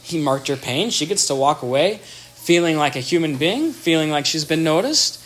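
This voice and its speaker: A man giving an earnest, animated explanatory talk on attachment in relationships, acting out example dialogue as he goes. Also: on the high side, normal speed, a little hiss or hum.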